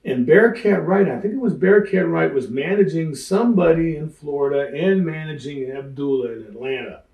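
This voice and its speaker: A man tells stories with a lot of energy, and his voice sits a little high for a man. He acts out the voices of the people he quotes and laughs as he goes. His voice sounds a bit far from the mic, with noticeable room echo. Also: normal speed, gravelly, muffled recording. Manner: animated storyteller who acts out quoted voices. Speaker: interview guest, wrestling veteran. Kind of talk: storytelling shoot interview. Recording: roomy sound, mic at a distance.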